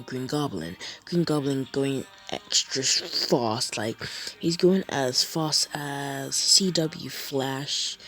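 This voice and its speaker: A man's voice: mid-range voice, sharp tone, low-quality recording. A young man casually retelling a fan story, rambling with fillers and asides.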